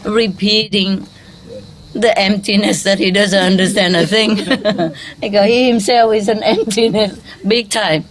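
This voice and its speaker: Woman spiritual teacher, unhurried delivery, chuckles a lot, quizzes the room. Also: mid-range voice, steady tone. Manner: chuckling often, quizzing listeners, in loose conversational English. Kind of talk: informal teaching talk to an audience.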